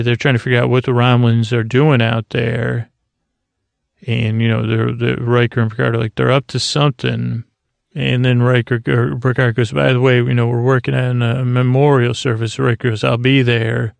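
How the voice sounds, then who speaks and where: A man's voice: mid-range voice, gravelly, no room sound. A man hosting a podcast, giving a meandering recap of a TV episode to help listeners fall asleep, full of fillers and restarts. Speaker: podcast host. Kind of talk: rambling TV episode recap for sleep.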